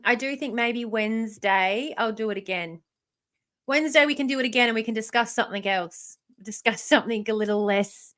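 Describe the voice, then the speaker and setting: A woman's voice: a little high, sharp tone, smooth, no echo, clean studio sound. A woman, live streaming in casual chat, losing her voice, chatty and self-mocking, swearing freely. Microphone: phone.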